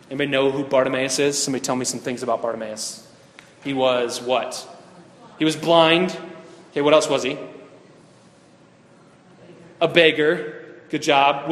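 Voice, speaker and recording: A man with a fairly high voice preaches in a sermon, asking the audience questions and circling back to his key points. His voice rings through an echoey hall with a long reverb tail. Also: fairly bright tone. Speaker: pastor or Bible teacher. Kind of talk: interactive sermon. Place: teaching room or church hall with a board.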